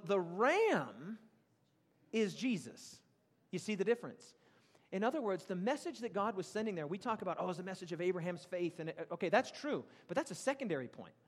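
A man preaching a sermon to his congregation, animated and questioning, with big swings in pitch and loudness. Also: husky. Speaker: pastor. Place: church sanctuary. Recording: long hall reverb.

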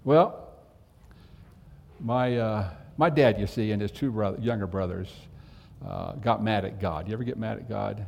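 A man's voice: fairly low pitch, normal speed, creaky, darkish tone, husky, big-room sound. A man preaching a sermon as pastor, telling a folksy story and asking the congregation direct questions.

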